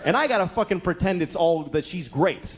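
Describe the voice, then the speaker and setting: High-voiced and fairly quick with lively intonation, a thirtysomething comic works through a live club set. He swears, sounds exasperated, and does voices while the audience laughs and the crowd noise comes through the stage mic.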